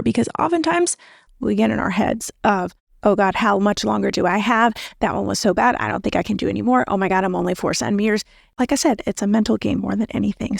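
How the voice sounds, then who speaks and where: Chatty, encouraging American woman with vocal fry. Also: on the high side, a little mellow, dry recording, studio quality. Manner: chatty, encouraging, laughs often, many fillers. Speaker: podcast host, labor nurse. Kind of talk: casual instructional podcast talk.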